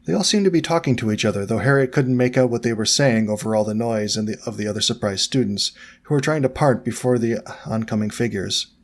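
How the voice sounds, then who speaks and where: A man narrating a fan fiction audiobook in a steady, even storytelling manner. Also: medium pitch, fast.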